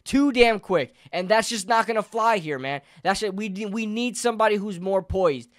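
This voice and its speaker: A young man rants about his football team in a high, smooth, clear voice, sarcastic and exasperated, repeating lines and swearing as his frustration spills over. He speaks close to the mic in a dry room at home. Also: normal speed, dry recording. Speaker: sports fan ranter. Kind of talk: heated solo sports rant.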